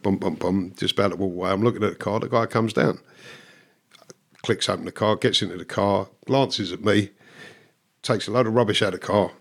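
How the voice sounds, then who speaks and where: A man, a guest who tells his stories bluntly, swears and laughs at himself. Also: on the low side. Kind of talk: casual storytelling.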